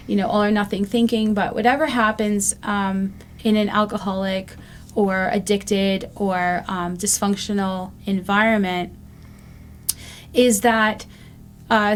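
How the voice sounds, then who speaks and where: A woman's voice: mid-range voice, slight background noise. A woman in her fifties hosting a recovery show, talking reflectively and earnestly with frequent ums. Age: 50s. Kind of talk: casual talk-show monologue.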